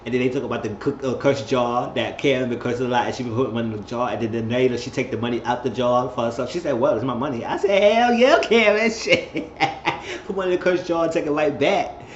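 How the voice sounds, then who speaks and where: Casual male recapper, chatty with bursts of laughter and high-pitched impressions; roomy, muffled home recording. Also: fairly even intonation, rapid-fire, few pauses. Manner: chatty, laughs often, acts out cast members in high squeals. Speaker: reality show recapper. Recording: roomy, dull lo-fi sound with faint noise.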